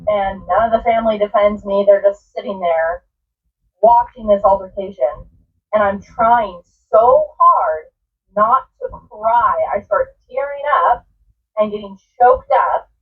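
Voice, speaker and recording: A woman's voice: mid-range voice, unhurried. Woman, earnest storyteller; tinny, lo-fi, distant sound. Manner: earnest, emotional retelling. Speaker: storyteller in reacted clip. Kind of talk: personal storytime.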